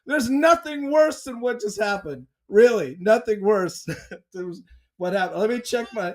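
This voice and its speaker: High-voiced excitable man ranting about sports. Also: moderate pace. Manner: dramatic and excitable, repeats phrases. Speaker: sports podcast host. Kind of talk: excited fan podcast rant.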